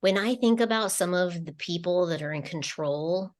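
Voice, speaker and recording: A woman co-hosting a spiritual podcast, relaying channeled messages in a casual, meandering way with lots of fillers and restarts. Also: on the low side. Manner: slow, meandering delivery with many fillers and restarts.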